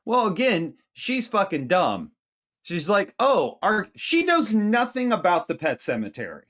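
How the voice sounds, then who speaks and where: A man's voice: sits high, unhurried. A man co-hosting a casual comedic movie review, talking crudely and swearing, slipping into mocking impressions. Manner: crude, animated, mocking spooky voices. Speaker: podcast co-host.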